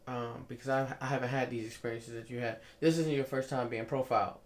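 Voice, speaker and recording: A man's voice: medium pitch, steady tone, brisk. A man interviewing a guest in a casual talk, nudging him along with short questions and stammering starts.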